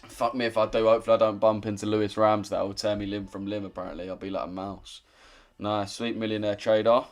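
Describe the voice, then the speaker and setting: A man's voice: lowish voice, level tone, fast talker, soft background music. A young man chatting casually on a trading live stream, swearing and teasing viewers. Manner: swearing, banters with chat. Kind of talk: casual live-stream chat reading comments.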